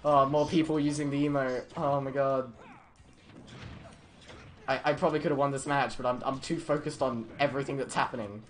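A young man giving excited, stammering live commentary on his game stream, laughing often. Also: medium pitch, brisk, faint music behind.

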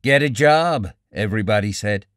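A man voicing a bitter young male writer who argues in a cool, measured way, read in an audiobook. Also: fairly low pitch, animated, clear, resonant tone, dry recording, studio quality, close to an everyday voice. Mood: reasoning. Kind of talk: audiobook character reading.

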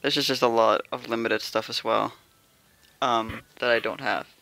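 Excitable young gamer with a gravelly edge. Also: medium pitch, normal speed, dry recording. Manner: excitable, pleading calls and squeals. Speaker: gameplay streamer. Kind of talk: casual gacha gameplay commentary.

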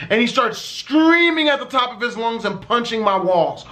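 A man's voice: sits high, animated, brisk, few pauses, sharp tone. A young man telling a personal story in casual, profane vlog style, swearing constantly and stressing words hard.

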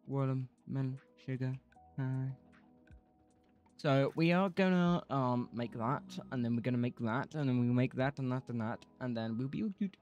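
A man's voice: medium pitch, a little fast, hardly any pauses, a little mellow, dull audio, faint music behind. A man streaming a game, rambling casually, swearing and humming bits of songs. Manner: rambling, sings snatches of songs, swears freely. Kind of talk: casual gameplay commentary.

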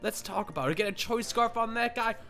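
A young man excitedly commenting on a video game he is playing, rambling and filling his talk with "like". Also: very high voice, brisk. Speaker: gaming YouTuber. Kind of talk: casual let's play commentary. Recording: game music underneath.

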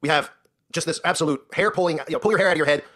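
A man's voice: fairly high pitch, racing, a bit bright. A man hosting his own commentary show, ranting in an indignant, sarcastic way and often tagging lines with "right?".

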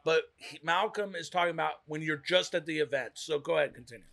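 A talkative male co-host with a high, light, creaky voice joins a casual reaction chat. He speaks quickly and excitably, getting worked up and tumbling from one point to the next.

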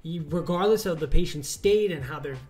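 Young male doctor, vlog host, earnest explainer, slightly high voice. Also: a little fast, a little mellow, soft background music. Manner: earnest, explanatory, rising emphasis. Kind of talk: casual talking-to-camera vlog.

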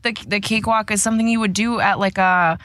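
A woman's voice: medium pitch, steady tone, fast, fairly bright tone, a little hiss or hum. A woman co-hosting a podcast, rambling through stories and laughing often. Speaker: podcast co-host. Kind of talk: casual chat.

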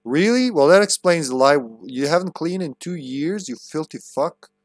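A man's voice: on the high side, lively intonation, moderate pace, dry recording, clean studio sound. A man streaming a game, casually commentating, cracking jokes, swearing, and reading the on-screen text aloud.

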